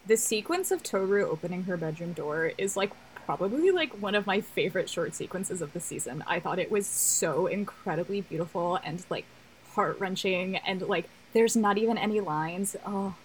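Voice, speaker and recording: A woman's voice: fairly low pitch, animated, moderate pace, a little hiss or hum, low-quality recording. A young woman co-hosting a casual chat, thoughtful and detailed, with fillers. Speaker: podcast co-host. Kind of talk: casual chat about an anime.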